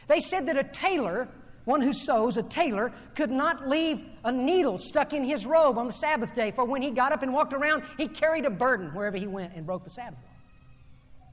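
A man's voice: expressive, normal speed. Preacher man in a reverberant hall. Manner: dramatic, swings from loud declamation to low intense murmur. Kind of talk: sermon.

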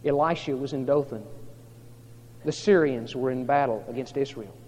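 A man preaching a sermon, telling a story dramatically as he swings from hushed to loud. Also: medium pitch, normal speed. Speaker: pastor. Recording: reverberant hall, dull lo-fi sound.

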